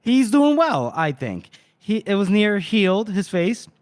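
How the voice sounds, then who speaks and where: Male podcast co-host, high voice, close dry mic, swears freely while retelling scenes. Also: big pitch swings, unhurried, no echo. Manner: loose and profane, acting out quoted lines. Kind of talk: casual book-discussion chat.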